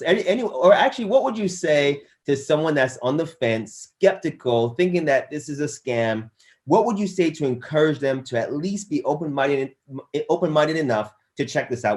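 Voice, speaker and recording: A man's voice: fairly high pitch, darkish tone. A man hosting a video-call interview as a course coach, enthusiastic and motivational, stringing together long lists of phrases.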